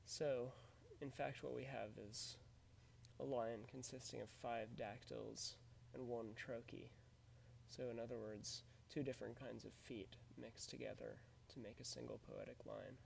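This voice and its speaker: Man, teacher, gravelly voice, methodical, explaining poetry. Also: medium pitch, steady tone, a little slow, a little hiss or hum. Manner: methodical, explanatory, often says "in fact". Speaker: literature teacher. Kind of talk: recorded lecture on poetry.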